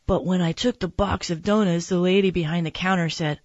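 A woman reading a children's picture book aloud in a gentle, expressive storytelling manner. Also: on the low side, brisk, hardly any pauses, dry recording, lo-fi sound. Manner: gentle, expressive read-aloud with character voices.

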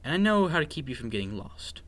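A man voicing a bold young female mouse who talks briskly and reassuringly. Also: on the high side, sing-song, a bit bright.

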